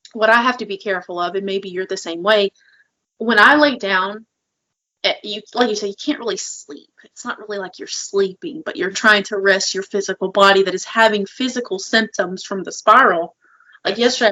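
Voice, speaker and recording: A woman's voice: mid-range voice, bright, forceful tone, dull audio. A woman co-hosting a podcast, talking candidly and chattily. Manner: candid and chatty, with small laughs. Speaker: podcast co-host. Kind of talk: casual chat.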